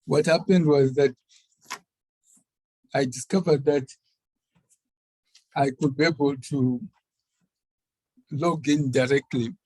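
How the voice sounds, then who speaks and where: An easygoing man with a husky, mellow voice chats over a video call with a dry, close sound. He talks in a relaxed way and chuckles along with the others. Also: mid-range voice, slow, pauses often, no echo, low-quality recording. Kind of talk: casual chat before an online session.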